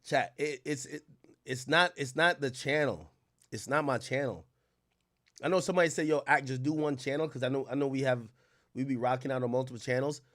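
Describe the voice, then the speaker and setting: A man hosting a livestream, telling a story in casual slang, animated and sometimes loud. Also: mid-range voice, brisk. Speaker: streamer host.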